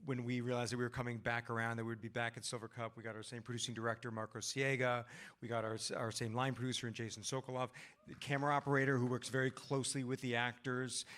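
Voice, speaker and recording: A man's voice: mid-range voice, flat delivery, quick pace, a bit bright. A man speaking as a producer on a panel, telling behind-the-scenes stories eagerly and often repeating his words. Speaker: producer of the show. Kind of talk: casual panel Q&A.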